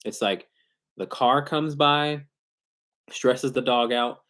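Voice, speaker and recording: A man's voice: mid-range voice, slow, a bit bright. A man who trains dogs, talking loosely and casually in a live question-and-answer stream, full of slang and restarts. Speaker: dog trainer hosting a live Q&A. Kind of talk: casual livestream talk. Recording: glitchy internet livestream.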